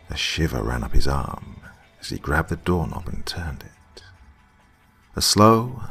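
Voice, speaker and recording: Super deep gravelly guy reading a horror story, slow and brooding, faint music under. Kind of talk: scripted narration.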